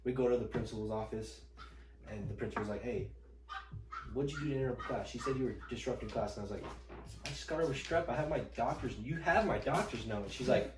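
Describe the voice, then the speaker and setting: A man's voice: mid-range voice, fast talker. A young man co-hosting a podcast, swearing and acting out quotes as he tells a school story in casual chat. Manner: lively, profane, acts out quotes. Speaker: podcast co-host. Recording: echoey room, distant mic, clear noise.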